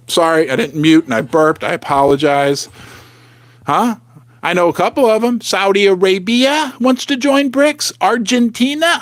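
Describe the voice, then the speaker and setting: A middle-aged man hosting a live stream from his basement, talking straight to viewers in an animated, emphatic way. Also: high voice, dry recording. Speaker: livestream host. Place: home basement.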